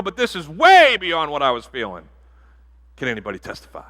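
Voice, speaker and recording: Guy preaching in church, bright voice, kinda high, jokey, gets loud on the punchlines. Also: quick pace. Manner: animated, jokey preaching with bursts of loud emphasis. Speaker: pastor. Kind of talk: sermon. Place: church sanctuary.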